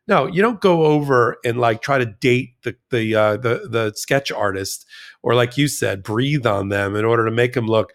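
A man co-hosts a legal commentary podcast in a lively, chatty manner and often restarts his sentences. His voice has a gravelly, creaky edge. He sits at a middle pitch. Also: normal speed. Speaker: podcast co-host.

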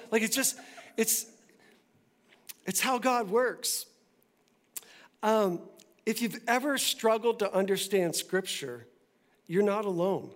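A male pastor preaches to his church in a loose, conversational way, tossing in quick asides as he goes. His voice sits high for a man. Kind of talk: sermon.

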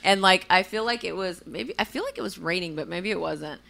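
Bright-voiced, chatty young woman podcaster. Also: fairly low pitch, fairly quick, creaky. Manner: chatty, swears freely, excitable storyteller. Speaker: podcast co-host. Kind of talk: casual podcast chat.

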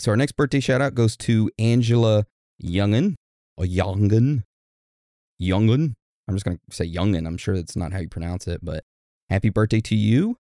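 Man, podcast host, joking, self-deprecating, lowish voice, dry close sound. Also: warm tone, no room sound. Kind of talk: casual chat, reading shout-outs.

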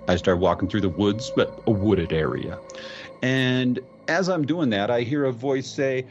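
A man dramatically retelling a ghost story, halting and repeating words, drifting into a celebrity impression with sudden high exclamations. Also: animated, muffled recording, over music.

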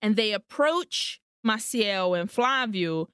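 A woman's voice: mid-range voice, animated, takes it slowly, a bit bright, clear, resonant tone, dry recording, studio quality. A woman co-hosting a podcast, animatedly retelling a film's plot and acting out the characters' lines. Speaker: podcast co-host. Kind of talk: casual film recap chat.

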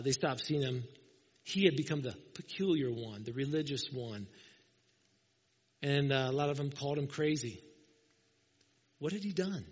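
A pastor preaches a sermon in a church, conversational and storytelling, acting out the people he quotes. His medium-pitched voice has a breathy edge, and the recording sounds dull with long hall reverb.

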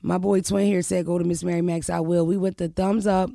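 A woman comedian from Philadelphia hosting her podcast, with loud, profane, animated banter. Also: fairly low pitch, brisk, gravelly, dry recording, clean studio sound. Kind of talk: casual podcast chat.

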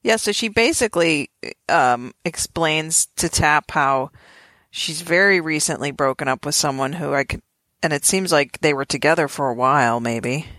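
A woman's voice: low-pitched, moderate pace, fairly bright tone, no room sound, studio quality. A woman co-hosting a casual chat about a reality show, recapping thoughtfully with many hedges. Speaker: podcast co-host.

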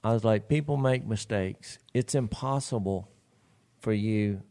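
A man's voice: fairly low pitch, measured pace, vocal fry, warm tone. A man telling a long story in casual podcast chat, chuckling and drawling as he goes. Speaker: podcast co-host.

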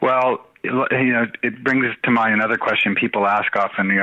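Bright-voiced storytelling man from Canada. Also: mid-range voice, normal speed, dry recording, dull audio. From New Brunswick, Canada. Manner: animated anecdotal, heavy "you know" fillers. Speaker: podcast guest, tech CEO. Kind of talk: conversational storytelling.

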